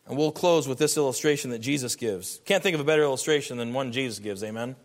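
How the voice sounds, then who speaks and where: A man's voice: mid-range voice, quick pace, long reverb tail. A man preaching a sermon as a pastor, earnest and emphatic, his voice rising in bursts.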